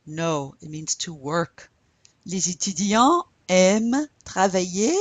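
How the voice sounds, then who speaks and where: A woman teaching a French class in a recorded lecture, slowly modelling words for learners to repeat. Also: lowish voice, expressive, no room sound. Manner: slow and deliberate, modelling pronunciation for learners to repeat.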